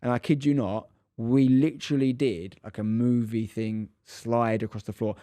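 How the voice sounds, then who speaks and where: A man's voice: mid-range voice, fairly even intonation, moderate pace, warm tone, no room sound. A man in his thirties, a podcast co-host, telling a story in casual chat and acting out the quotes with animation.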